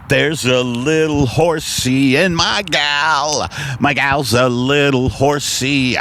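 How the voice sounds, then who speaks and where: A man putting on a schmaltzy, unhinged male lounge singer, crooning slowly in a sing-song way, outdoors in a park. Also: on the high side, a bit bright, slight background noise.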